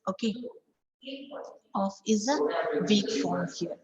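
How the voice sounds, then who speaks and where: A woman with an Indian English accent and a mid-range, slow, slightly mellow, breathy voice teaches an online English class. She repeats example sentences and often says "okay." The video-call audio has its highs cut off, with crowd chatter behind her.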